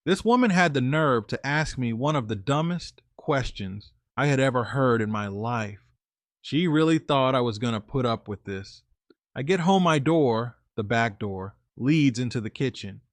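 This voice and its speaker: A man's voice: mid-range voice, lively intonation, normal speed, no room sound. Man telling a casual first-person story. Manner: casual, conversational, talks to listeners as "guys".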